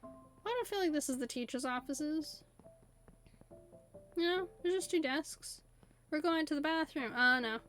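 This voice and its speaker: A high-pitched woman chats playfully through a video game, quick to laugh and full of asides. Her voice is close on a desk condenser mic in a home setup, with faint game music underneath. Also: animated, a bit bright. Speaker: streamer. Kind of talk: casual gameplay commentary. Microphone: desk USB condenser mic.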